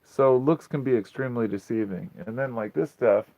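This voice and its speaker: A man's voice: mid-range voice, normal speed, mellow, no echo. A man hosting a casual livestream from his phone, telling long rambling stories with plenty of swearing. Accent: US Pacific Northwest. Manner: rambling storytelling, frequent swearing. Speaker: livestream host. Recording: dull lo-fi phone audio.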